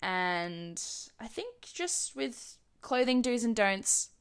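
Young aussie woman rambling to camera, smooth clear voice, lots of likes and giggles. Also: a little high, big pitch swings, takes it slowly. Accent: Australian. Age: young adult. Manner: chatty, rambling, frequent "like" and giggles. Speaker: vlogger. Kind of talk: casual chat to camera.

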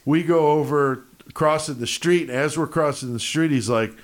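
A man's voice: fairly high pitch, moderate pace. A man from Connecticut telling a story in casual podcast chat, swearing freely and acting out his own reactions. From Connecticut, USA. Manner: profane storyteller, animated when quoting himself.

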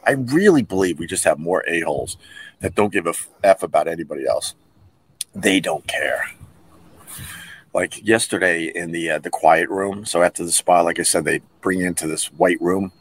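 A middle-aged man hosting a podcast, telling stories in a casual livestream chat and acting out whispered and loud impressions. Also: low-pitched, gravelly, slightly rough. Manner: animated storyteller who acts out whispered and loud impressions. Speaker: podcast host.

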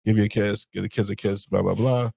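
A man's voice: on the low side, fairly even intonation, quick pace, gravelly, darkish tone. A man co-hosting a casual podcast chat with his wife, rambling and searching for words as he talks. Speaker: podcast co-host.

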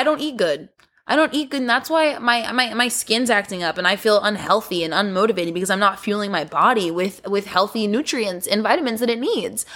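A woman's voice: on the high side, a bit bright. A young woman hosting a solo motivational podcast, giving an affectionate, emotional pep talk and calling her listeners baby. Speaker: podcast host.

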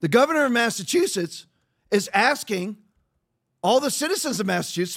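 A man with a strikingly high-pitched voice hosts a podcast in an opinionated monologue. He is combative and mocking. He often restarts his sentences mid-thought. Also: sing-song, fairly quick, creaky, a bit bright. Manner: rambling with frequent restarts. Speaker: podcast host.

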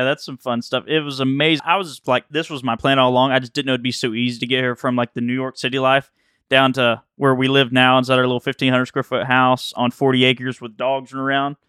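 A young man with a drawl co-hosts a casual podcast, telling rambling stories and laughing often. His voice is smooth and clear, at a medium pitch. The sound is dry and close. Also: level tone, a little fast, a bit bright, no echo. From Alabama, US. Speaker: podcast co-host. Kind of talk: casual chat.

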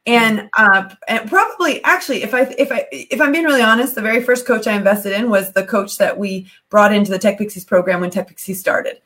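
A woman's voice: mid-range voice, fairly quick, hardly any pauses, a bit bright. A woman hosting a podcast interview, talking with enthusiasm and rambling through many restarts. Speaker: podcast host. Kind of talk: casual interview chat.

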